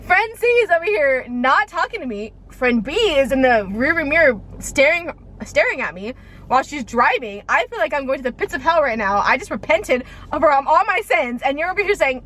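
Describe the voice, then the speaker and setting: A woman's voice: sits high, animated, normal speed, a bit bright, a little hiss or hum. A young woman vlogger telling a rambling storytime, filling her talk with "like" and "okay". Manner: chatty, rambling, heavy use of "like" and "okay". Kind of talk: storytime vlog.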